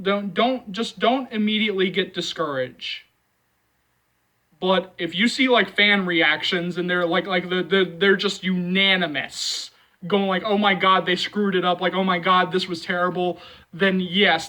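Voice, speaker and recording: Man, high bright voice, casual movie vlog, rambling, lots of fillers. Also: low-quality recording. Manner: rambling, repeats himself, many fillers; emphatic, reassuring fans. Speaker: movie channel host.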